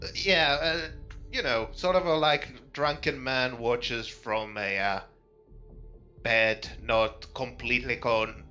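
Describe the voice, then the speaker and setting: A man narrating as game master, pausing and searching for words as he goes. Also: mid-range voice, pushed and bright, lo-fi sound, soft background music.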